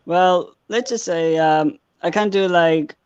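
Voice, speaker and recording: Young Welsh male caller, slow, hesitant, smooth voice, lo-fi dry call audio. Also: high-pitched, a little mellow, no room sound. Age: 20s. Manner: hesitant, halting. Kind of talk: casual call-in chat. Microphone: home mic over a call.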